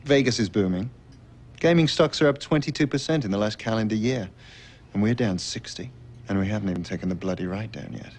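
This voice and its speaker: An actor playing a tense low-voiced businessman. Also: brisk, a little mellow, lightly acted. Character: worried male businessman. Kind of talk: film acting.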